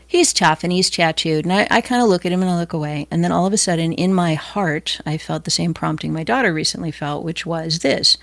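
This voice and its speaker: A woman's voice: on the low side, brisk, gravelly, few pauses, a bit bright, dry recording. A middle-aged woman from Los Angeles giving an informal Christian devotional talk in a conversational way, with many fillers and restarts. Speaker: Christian speaker.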